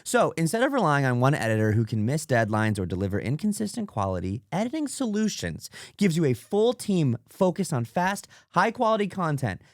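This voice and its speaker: A man co-hosting a sports podcast tells stories with lively swings in pitch. He sounds frustrated and animated. The sound is dry and close. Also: fairly quick, hardly any pauses, no echo. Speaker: podcast co-host. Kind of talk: casual sports podcast chat.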